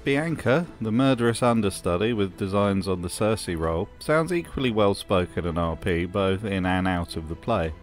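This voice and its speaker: Male comedic review host: sardonic, mocking, lowish voice. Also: animated, moderate pace, few pauses, soft background music.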